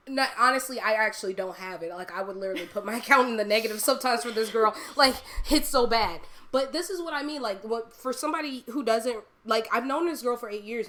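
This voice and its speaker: Woman, live streamer, casual chat, animated storytelling, frequent laughter, candid. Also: on the high side. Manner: candid and confiding.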